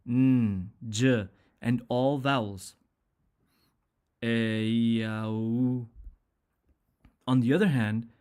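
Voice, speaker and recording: A man's voice: mid-range voice, darkish tone. A man teaching an English pronunciation lesson, speaking carefully and repeating sounds and example words one at a time.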